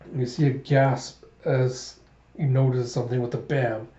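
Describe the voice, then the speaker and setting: Mellow-voiced man retelling a manga. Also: medium pitch, normal speed. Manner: animated retelling, acts out scenes. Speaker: manga reviewer. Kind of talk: reading a manga aloud with commentary. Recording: dull echoey home recording.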